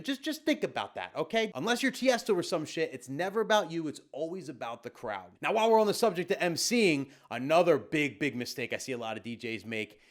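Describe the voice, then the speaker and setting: Lively, blunt-talking man giving DJ advice. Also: on the high side. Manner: blunt, emphatic, slangy. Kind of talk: casual tutorial advice.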